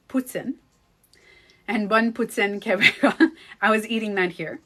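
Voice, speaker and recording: A woman's voice: mid-range voice, fairly bright tone. A woman with a French Canadian accent, a native French speaker, telling a story in a casual vlog. She chats with her viewers and laughs often. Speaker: beauty coach vlogger.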